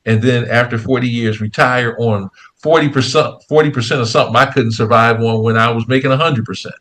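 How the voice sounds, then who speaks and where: A man being interviewed, telling a story in a casual, lively way and acting out the voices of the people in it. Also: medium pitch, a little fast. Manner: animated storyteller, acts out quoted dialogue. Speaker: guest, investing program founder.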